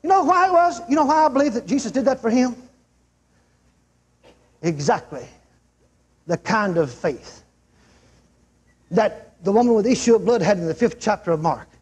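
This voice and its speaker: An older preacher delivers a revival sermon to a large church crowd, his voice pitched very high and husky. He swings his pitch all over, breaking into shouts as he acts out the stories he tells. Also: sing-song, moderate pace, long pauses. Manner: emphatic, shouts out quotes, acts out a healed man's yells.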